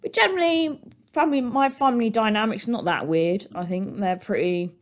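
Speaking fairly quickly in a mid-range voice, this solo podcast host from Britain rambles casually into a desk mic. Her British English is peppered with ums and likes.

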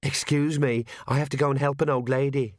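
A bashful young witch, as a male narrator raises his voice for her in a storybook reading. She speaks a little higher than the narrator, halting and mumbling. The sound is dry and close. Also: fairly even intonation, dry recording, lightly acted. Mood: hesitant. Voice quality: hesitant, mumbling. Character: shy, awkward young woman witch.

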